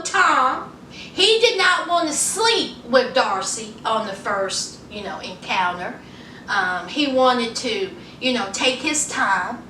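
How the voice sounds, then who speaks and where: A sassy woman recaps a reality show with laughter, her voice high and bright. She takes her time, and she sounds a little off-mic in an echoey room with faint ambient noise. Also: distant mic. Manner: sassy, laughing, animated storytelling. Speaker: reality TV reviewer. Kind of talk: casual recap commentary.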